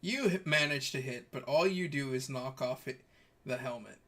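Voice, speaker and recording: A man's voice: mid-range voice, normal speed, fairly bright tone. A man narrating a tabletop game as game master, in a casual way that is easy to laugh.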